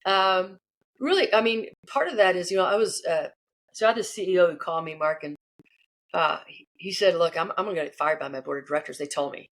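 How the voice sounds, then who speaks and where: Woman coach, quick delivery, lively storyteller who voices the people she quotes. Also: fairly low pitch. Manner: animated, acts out quoted people. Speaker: guest, leadership coach. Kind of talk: casual interview answers, storytelling.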